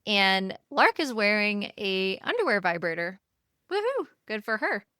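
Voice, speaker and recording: A woman's voice: medium pitch, very animated, unhurried, sharp tone, clear, resonant tone, dry recording, clean studio sound. A woman co-hosting a book podcast, chatting casually and animatedly about a novel and acting out the characters' lines. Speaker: podcast co-host.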